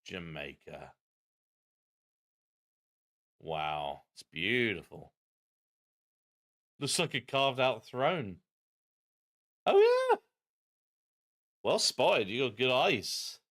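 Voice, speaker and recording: A man streaming a geography game, chatting in an animated, self-deprecating way. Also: lowish voice, drawn-out words, pauses often. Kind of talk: live-stream game commentary.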